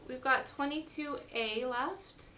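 Woman host, bright cheerful sale patter, slightly higher voice, mic a bit distant with faint hiss. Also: slow pace. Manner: chatty, upbeat, reads lot numbers and prices. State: losing her voice. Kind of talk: live jewelry sale chat.

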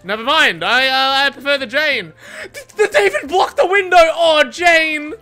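A woman giving excitable gameplay commentary, swearing, laughing often and mocking herself. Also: sits high, normal speed, soft background music. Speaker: gaming content creator.

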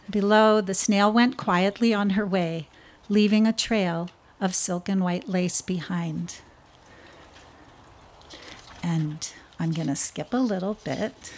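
A woman speaks at a memorial service in a church and reads a children's story aloud. She talks slowly, with a nervous, halting edge. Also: mid-range voice.

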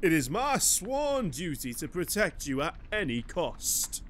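Pompous armored knight, haughty and scolding, voiced by a man, slow delivery, lively pitch. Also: a little hiss or hum. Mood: solemn. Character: pompous armored male knight, stern and self-righteous. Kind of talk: fan voice-over of a video game.

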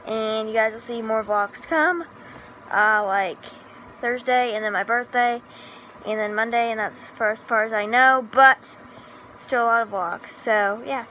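Bright, rambling woman vlogger. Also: on the high side, unhurried, a little hiss or hum, rough recording. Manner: rambling, self-correcting, giggly. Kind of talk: casual vlog chat.

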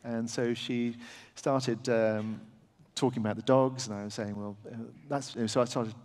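A middle-aged English man tells a live anecdote to a festival crowd. He talks in a halting, self-deprecating way, with many fillers and restarts. His voice sits mid-pitch and rings with the long reverb of a big hall. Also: fairly even intonation, a little mellow. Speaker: surgeon telling a story on stage. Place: large festival venue with audience.

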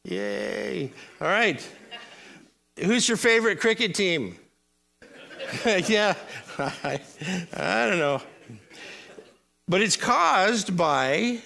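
A man's voice: sits high, expressive, slow pace, vocal fry, long pauses, bright, forceful tone. A male pastor giving a sermon to his congregation, chatty and joking with asides to the crowd. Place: church service before a congregation.

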